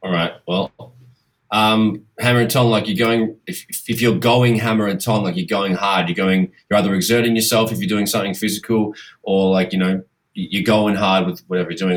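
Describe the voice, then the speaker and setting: A man's voice: lowish voice, fairly even intonation, a little fast. A young Australian man co-hosting a podcast, chatting in a rowdy, loose way with crude slang and bursts of laughter. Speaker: podcast co-host. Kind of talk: casual podcast chat.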